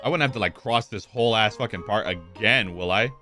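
A man's voice: fairly low pitch, fairly quick, soft background music. A young man doing live, joking gameplay commentary as a streamer, swearing casually. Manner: animated, swears casually, jokes.

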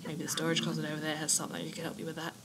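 A woman's voice: sits low, racing, natural voice. Woman whispering as a shady prisoner. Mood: conspiratorial. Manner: hushed conspiratorial whisper, put-on accent. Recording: steady clicking noise behind.

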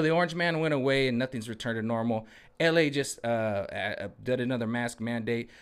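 A man delivering a sarcastic, animated political rant as a vlogger, acting out voices of others. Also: mid-range voice, clear, resonant tone. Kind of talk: ranting political commentary monologue.

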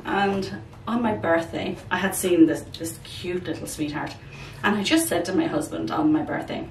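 A woman's voice: deep voice, expressive, a little fast, vocal fry. A middle-aged woman chatting casually while she repots her plants, rambling and calling her viewers "guys". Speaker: plant vlogger. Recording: echoey room, distant mic, background noise.

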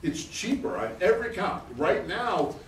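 A middle-aged man giving a live conference talk in an animated, excitable way, laughing as he speaks. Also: high voice, unhurried, a little hiss or hum. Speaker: conference speaker, energy advocate. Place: conference hall. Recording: roomy hall, distant mic, faint ambience.

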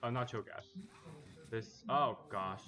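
A man streaming a video game, chatting casually with friends, laughing often and trailing off quietly. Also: lowish voice, takes it slowly, noisy background. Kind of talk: casual chat while gaming.

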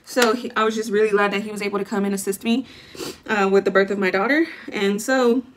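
A woman's voice: mid-range voice, fairly even intonation, quick pace. A young adult woman vlogging, telling a long story in a chatty way, full of fillers and acted-out quotes. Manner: chatty, lots of fillers, acts out what people said. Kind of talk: casual storytelling.

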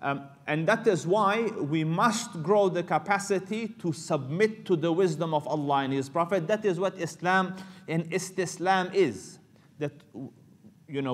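A man teaching an Islamic lecture in a loose, conversational way, full of fillers and Arabic phrases. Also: on the high side.

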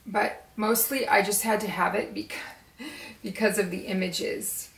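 A woman chatting casually and slowly about her favorite card decks, with relaxed fillers as she shows them. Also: medium pitch, gravelly, recorded from a distance. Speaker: spiritual video creator. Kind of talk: casual show-and-tell chat. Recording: roomy echo, voice a bit off-mic.

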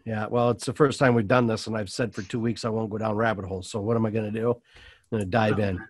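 A man's voice: on the low side, steady tone, fast talker, a little mellow, no room sound. Guy hosting a panel show, chatty and joking at himself, dry close sound. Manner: chatty, self-deprecating, rambling questions. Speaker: host. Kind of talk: panel discussion host.

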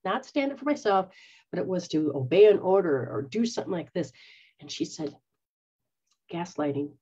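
Husky woman giving a spiritual talk. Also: on the low side, moderate pace. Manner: earnest, animated, acts out quoted voices. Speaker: psychic medium and spiritual teacher. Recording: dull lo-fi sound.

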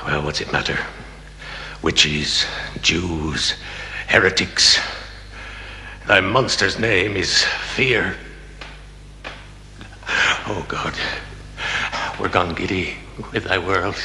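An actor playing a stern county magistrate who speaks to a jury in a declamatory, questioning manner, from a 1970s television drama. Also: male voice, low voice, extremely slow, creaky, pauses often, sharp tone, a little hiss or hum, exaggerated voice. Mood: impassioned. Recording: echoey reverberant old film sound.

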